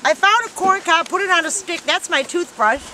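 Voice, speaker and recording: A woman's voice: very high voice, animated, moderate pace, over a noisy crowd. An older woman from New York chatting and joking as her daughter films her outdoors. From Binghamton, New York. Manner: chatty, laughs often, joking. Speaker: mother of the camera operator. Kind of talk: casual family chat.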